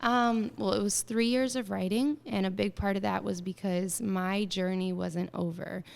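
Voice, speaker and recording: A woman of about thirty speaks as an interview guest, her voice sitting at an ordinary pitch with a gravelly fry running through it. She tells her story in an animated way, acting out quoted lines and scattering filler words through her speech. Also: moderate pace. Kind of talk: casual interview conversation.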